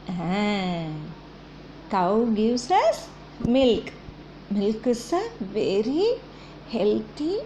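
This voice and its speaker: A woman teaching young children in a slow, coaxing, sing-song way, asking questions and copying animal sounds. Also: high-pitched, warm tone, slight background noise. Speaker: kindergarten teacher.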